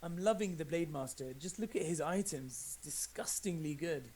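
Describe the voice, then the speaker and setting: A man with a British English accent co-casting a strategy game casually, with quick enthusiastic exclamations. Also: fairly high pitch, animated, darkish tone, distant mic. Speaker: co-caster.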